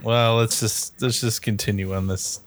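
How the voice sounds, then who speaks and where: A man's voice: fairly low pitch, steady tone, normal speed. A man playing a movie trivia game with friends, laughing at himself and his own mistakes. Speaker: quiz player. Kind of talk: casual chat.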